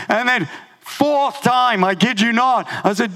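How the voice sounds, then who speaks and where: A man preaching a sermon, telling a personal story with lively humor and frequent laughter. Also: high-pitched, brisk, vocal fry. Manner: animated storytelling, laughing often. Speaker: pastor.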